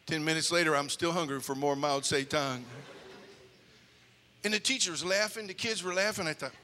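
An older man preaching with humor, an animated storyteller with comic timing who slips into character voices. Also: fairly high pitch, moderate pace, pauses often. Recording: long hall reverb.

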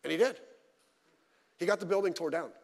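A male pastor preaching a sermon, swinging between loud emphatic lines and low quiet asides, telling stories with humor. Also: fairly quick, vocal fry, in a large hall. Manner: informal storytelling with humor. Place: church.

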